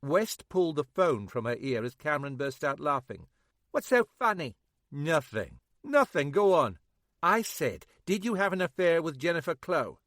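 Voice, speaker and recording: A woman's voice: deep voice, very animated, dry recording, studio quality, pitched above the performer's own voice. A man voicing an impatient, swearing female detective sergeant in an audiobook. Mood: pressing. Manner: sharp, swearing, quick-tempered. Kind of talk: audiobook character voice.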